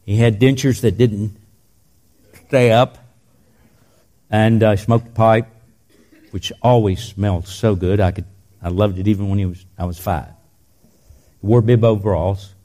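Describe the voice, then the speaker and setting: An older man preaching a sermon in a church, telling stories and dropping into soft, intense passages. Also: fairly low pitch, fairly even intonation, moderate pace, long pauses. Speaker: pastor.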